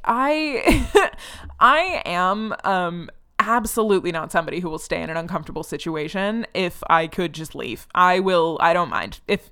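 Sarcastic woman in her 30s ranting on her podcast, lowish smooth voice. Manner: animated, sarcastic, mocking put-on voices for quotes. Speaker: podcast host. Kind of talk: casual solo commentary.

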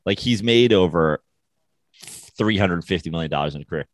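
A man's voice: low voice, animated, normal speed, dry recording. A man co-hosting a casual sports podcast, sarcastic and joking. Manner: sarcastic, joking, does mocking voices. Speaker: podcast co-host.

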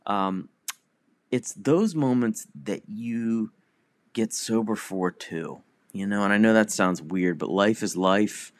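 Casting note: middle-aged man, low voice, reflective monologue, dead-dry room. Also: slow pace, dry recording. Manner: conversational with frequent restarts and soft laughs. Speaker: newsletter writer and comedian.

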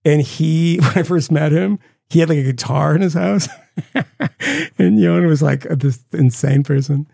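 Brief: American male podcast co-host, gravelly and husky, rambling and profane, dry close sound. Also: a little high, a little slow, mellow, no echo. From United States. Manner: rambling, profane, laughing storyteller. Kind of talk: casual rambling chat.

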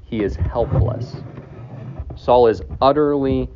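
Animated male preacher, dull recording. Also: medium pitch, slow, noisy background. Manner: animated, acts out scripture dialogue in raised voices; chuckles while explaining. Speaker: pastor. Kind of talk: expository sermon.

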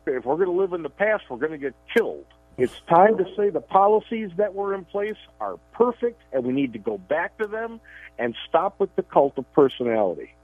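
A man's voice: high-pitched, very animated, a little fast, no room sound. A man co-hosting a political radio show, talking emphatically and often repeating words as he starts his sentences. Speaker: radio show co-host and columnist. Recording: tinny phone line, dry.

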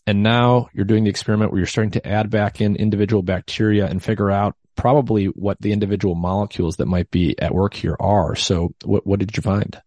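A man's voice: low-pitched, darkish tone, dry recording, clean studio sound. A man hosting a podcast interview, conversational and thinking aloud with fillers. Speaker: podcast host.

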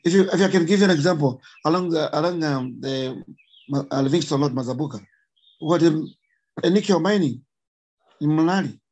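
A man with a Zambian accent speaks as a conservationist guest, his voice husky and a little higher than most men's. He is emotional and emphatic, circling back to repeat his key points. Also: fairly quick, a little mellow, rough recording. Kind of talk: impassioned interview talk.

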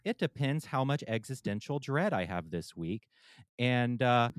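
A man's voice: medium pitch, very animated, a little slow, no room sound, studio quality. A man hosting his own podcast from a room at home, chatty and candid, poking fun at himself as he reads sponsors and thanks listeners. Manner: candid, chatty and self-deprecating. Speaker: podcast host. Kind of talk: casual podcast intro and sponsor read.

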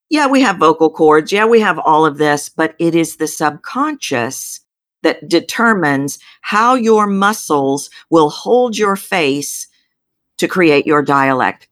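A middle-aged woman with a Texan accent, a voice coach explaining her work in an interview with emphatic, animated delivery. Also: low-pitched, no echo, studio quality. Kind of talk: interview storytelling.

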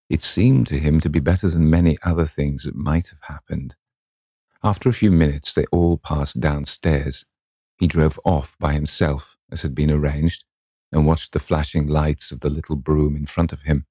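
A man narrating a classic novel as an audiobook, in a measured, clear reading. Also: rumbling low, steady tone, warm tone, no echo, clean studio sound.

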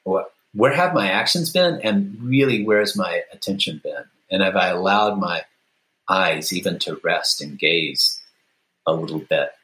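Low, bright-toned man in an echoey room. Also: expressive, a little slow. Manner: reflective, thinks aloud with fillers. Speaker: guest author. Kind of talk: conversational podcast interview.

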